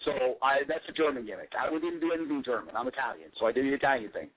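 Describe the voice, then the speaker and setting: A man's voice: medium pitch, lively intonation, fast talker, hardly any pauses. Rambling, profane man over a tinny phone line. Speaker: pro wrestler interview guest. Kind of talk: casual storytelling.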